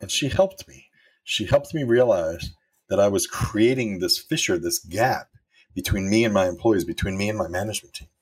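A man's voice: on the low side, normal speed, slightly rough. A middle-aged man and former manager giving a candid motivational talk on leadership, telling stories and swearing now and then. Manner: candid and storytelling, with occasional swearing.

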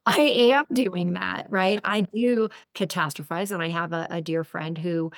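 A woman's voice: on the low side, no echo, studio quality. A woman hosting a casual interview, affirming her guest and asking reflective questions. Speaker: podcast host.

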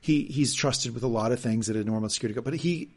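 A man's voice: medium pitch, fast talker, darkish tone. A man co-hosting a podcast, recapping a TV episode in casual joking chat and reading quotes in mock voices. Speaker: podcast co-host.

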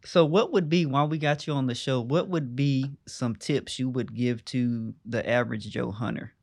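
Easygoing male host with a gravelly voice, mid-pitched. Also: moderate pace, darkish tone. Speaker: podcast host. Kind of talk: casual interview.

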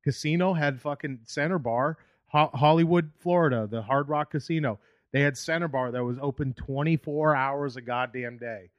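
A man's voice: a little high, normal speed, no echo. A man with a Boston accent, a comedian in his thirties, telling stories in a rambling, profane way on a casual podcast. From Boston area, USA. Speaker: comedian guest.

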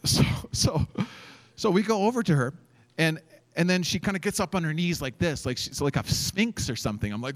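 A man preaching a sermon as a pastor, telling a story in an animated way, acting out quotes and using many fillers. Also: on the high side, a little fast. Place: church event stage.

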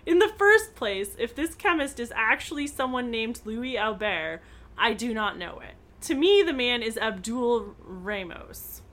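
A man's voice: very high-pitched, very animated, unhurried, bright, forceful tone, full character voice. A woman voicing a flustered middle-aged French male financier who speaks in a stiff, formal way. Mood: dismayed.

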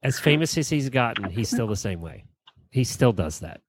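A man's voice: medium pitch, very animated, normal speed, breathy edge, no room sound. A man co-hosting an interview who drops in chummy, joking asides. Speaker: co-host. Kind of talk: casual interview.

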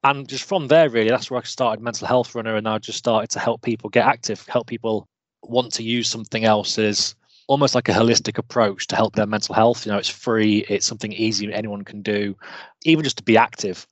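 A man's voice: fairly low pitch, fairly even intonation, a little fast, dry recording, low-quality recording. A British man speaking openly and earnestly as an interview guest, in a candid, self-deprecating way. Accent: British English. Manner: open, earnest, self-deprecating, many restarts. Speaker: interview guest, mechanical engineer.

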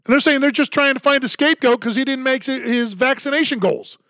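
A man's voice: extremely high pitch, fast talker, bright, forceful tone, no echo. A man hosting a solo commentary podcast, talking in a sarcastic, ranting way. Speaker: podcast host.

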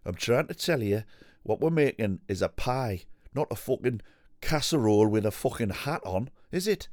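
A man doing a comic impression of an excitable male TV cook, squeaky, sarcastic and full of swearing. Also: moderate pace, no room sound, clean studio sound, close to an everyday voice. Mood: indignant.

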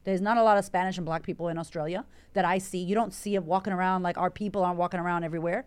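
A woman from Puerto Rico, a confidence coach hosting an Instagram live Q&A, talking in a brash, energetic way full of swearing while she answers viewer comments. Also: lowish voice, rapid-fire, smooth. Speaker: confidence coach and podcast host.

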